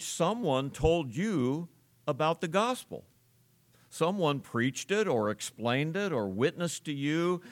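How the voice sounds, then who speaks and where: A man preaching a sermon to his congregation, earnest and steady, with frequent pauses and fillers as he explains scripture. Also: on the high side. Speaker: pastor.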